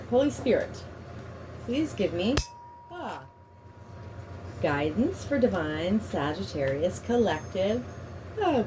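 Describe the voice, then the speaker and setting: A woman who works as a tarot reader and energy healer, speaking in a calm, measured, invocational way as she leads a guided meditation and chants a repeated prayer. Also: lowish voice, background noise.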